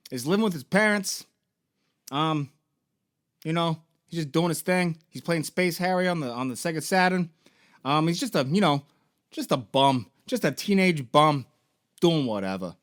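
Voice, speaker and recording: High-voiced man rambling jokingly. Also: expressive, unhurried, long pauses, a bit bright. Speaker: video game store founder and host. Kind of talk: comedic rambling retelling.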